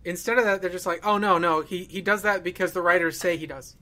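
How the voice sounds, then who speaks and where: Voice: medium pitch, steady tone, fast, pushed and bright. A podcast co-host giving wry, musing commentary in casual chat.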